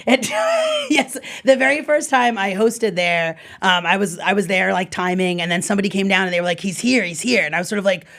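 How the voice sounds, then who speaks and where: A woman comedian with an unusually deep, gravelly voice, speaking as a talk-show guest. She tells her stories with animation, slipping into the voices of the people she quotes and laughing often along the way. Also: sing-song, a little fast, few pauses, a bit bright. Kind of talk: casual interview chat.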